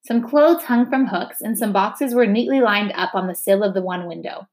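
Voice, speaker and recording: A woman reading a novel chapter aloud, steady and expressive. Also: medium pitch, moderate pace, hardly any pauses. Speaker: reader.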